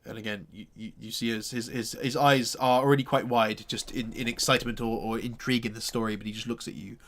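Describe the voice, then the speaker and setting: A man's voice: mid-range voice, steady tone, fast talker, a bit bright. A man narrating as game master of a tabletop game, hesitant and full of fillers. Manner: hesitant, many fillers and restarts.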